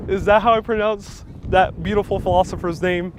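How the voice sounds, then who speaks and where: A man's voice: high-pitched, slow, long pauses, noisy background. A Spanish-speaking man hosting a live tour stream outdoors, chatting casually, laughing often and reading viewer comments aloud. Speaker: travel vlogger, live-stream host. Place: outdoors at a hilltop historic site. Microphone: phone on a gimbal with a wireless mic.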